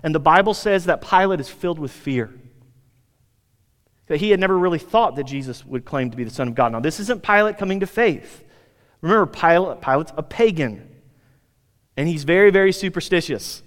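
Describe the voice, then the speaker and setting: A male American pastor delivers a sermon in a loose, conversational way, punching key words and dropping into the voices of the people he describes. His voice sits a little high for a man, and it rings out with a long reverb that fills the hall. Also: lively intonation, fairly quick, a bit bright. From United States. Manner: conversational, emphatic, acts out quoted speakers.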